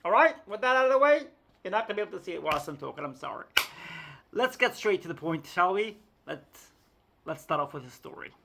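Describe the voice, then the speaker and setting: A woman's voice: mid-range voice, sing-song, fairly quick, vocal fry, fairly bright tone, a little hiss or hum. A woman vlogger telling a story in a chatty, self-mocking monologue to the viewer.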